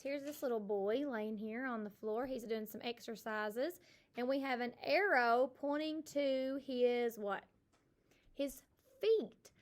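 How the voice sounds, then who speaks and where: A middle-aged woman, a kindergarten teacher giving a recorded phonics lesson and slowly sounding out each letter for young children. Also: a little high.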